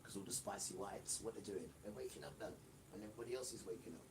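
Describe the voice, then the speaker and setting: A man's voice: fairly low pitch, fast talker, noisy background. A man hosting a livestream, lecturing and scolding his viewers in an emphatic rant as he comments on clips. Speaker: livestream host. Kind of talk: ranting commentary over played clips.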